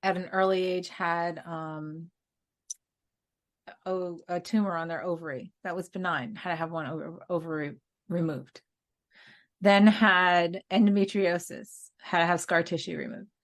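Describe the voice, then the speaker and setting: A woman's voice: fairly low pitch, steady tone, unhurried. A woman co-hosting a casual spiritual podcast, telling stories in an earnest way and laughing now and then. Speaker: podcast co-host.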